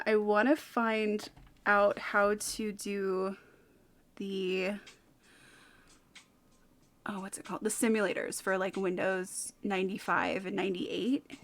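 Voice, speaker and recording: A woman's voice: mid-range voice, fairly bright tone. A woman in her thirties from California with a light Californian accent, chatting casually as a streamer, rambling and giggling between fillers. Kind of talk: casual chat.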